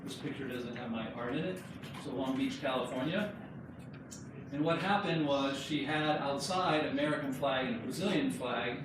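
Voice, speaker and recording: A man's voice: mid-range voice, normal speed. A man giving an informal slideshow talk about his book to friends and family, telling the story in a chatty, joking way. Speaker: book co-author presenting his book. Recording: echoey room, distant mic, background noise.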